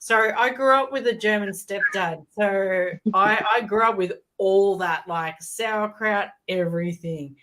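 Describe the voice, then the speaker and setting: A woman chatting casually in an online group, laughing easily and pausing with fillers. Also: mid-range voice, fairly bright tone. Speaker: chat participant.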